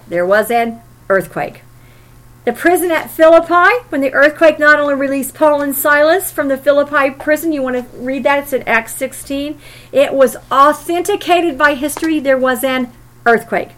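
A woman teaching a Bible study, emphatic, with rhetorical questions and dramatic pauses. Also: high-pitched, a bit bright.

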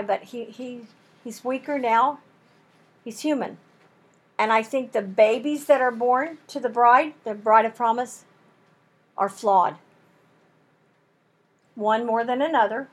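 Earnest woman teaching a Bible lesson, slightly husky. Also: on the high side, fairly bright tone. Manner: earnest, emphatic, with rising and falling intensity.

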